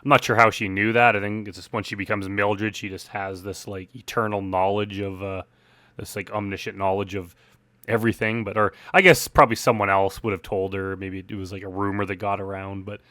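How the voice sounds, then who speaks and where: A man talks casually through a commentary track on his own film, rambling and leaning on fillers. His low voice has a bright, forceful edge. The sound is close and dry. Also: a little fast, no room sound. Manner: relaxed, rambling, heavy on "like" and "uh". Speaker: film director. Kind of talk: director commentary.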